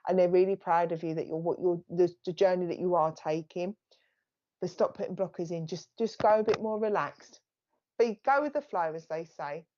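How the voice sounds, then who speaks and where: A woman psychic medium giving a live reading in a soft, chatty way, often thanking the spirits aloud. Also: lowish voice, normal speed, dull audio.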